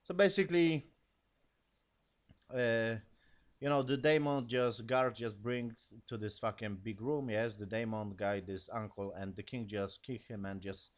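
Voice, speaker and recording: Speaking non-native English in a lowish, unhurried voice, a man gives a loose, profane review of a TV episode. He rambles and grows animated retelling the scenes.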